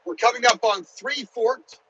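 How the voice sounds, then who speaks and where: Man, truck driver, high voice, chatty rambling vlog talk from the cab. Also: unhurried, fairly bright tone, husky, dull audio. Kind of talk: casual vlog chat while driving.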